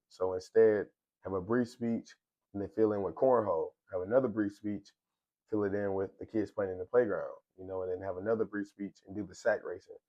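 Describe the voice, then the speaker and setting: A young man with a fairly low voice talks straight to his viewers in a casual vlog. He tells his story in an earnest, upbeat way, and the recording is a little dull and lo-fi. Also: noisy background. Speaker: vlog host and event organizer. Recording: slightly dull lo-fi audio.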